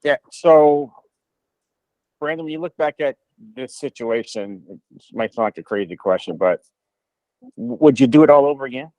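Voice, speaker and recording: A man's voice: mid-range voice, animated, moderate pace, long pauses, darkish tone, no room sound, poor audio. A man on a group video call asking a question hesitantly, repeating himself as he goes.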